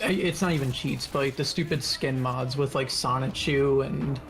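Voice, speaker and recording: A man's voice: medium pitch, fairly even intonation, normal speed, vocal fry. Rambling man chatting over game music. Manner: rambling, laughs, curses casually. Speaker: co-host of a gaming stream. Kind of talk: casual gameplay chat.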